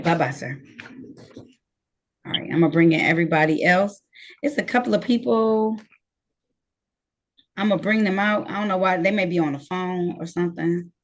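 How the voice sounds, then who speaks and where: A woman judge presiding over virtual court proceedings on a video call, brisk and friendly, reading case numbers slowly and deliberately. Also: fairly low pitch.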